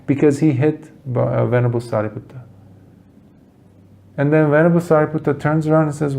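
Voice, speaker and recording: A man giving a Buddhist dharma talk, telling a story earnestly with dramatic pauses. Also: on the high side, fairly even intonation, gravelly, warm tone. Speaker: Buddhist teacher.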